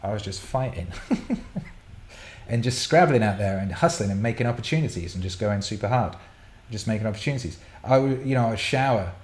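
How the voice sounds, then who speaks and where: A man's voice: fairly low pitch, expressive, normal speed. A man hosting a show, answering listener questions in a casual, rambling way, swearing freely and restarting his sentences often.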